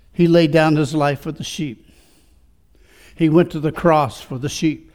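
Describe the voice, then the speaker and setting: A man with a high voice preaching a sermon. He asks his listeners rhetorical question after rhetorical question, dropping into quiet, reflective stretches and then building back up to fervent declarations. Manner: swings between quiet reflection and rising fervor. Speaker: pastor.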